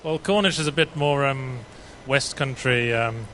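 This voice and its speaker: A man in live stage banter on a panel, with a dry, deadpan, self-deprecating manner. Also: medium pitch, unhurried, a little hiss or hum. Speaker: panel guest. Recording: live stage mic with faint ambience.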